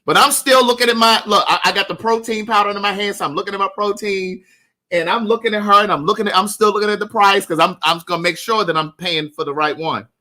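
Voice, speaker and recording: A man's voice: high-pitched, quick pace, sharp tone. A man hosting a livestream, telling a story casually and animatedly while addressing viewers by name. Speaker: livestream host.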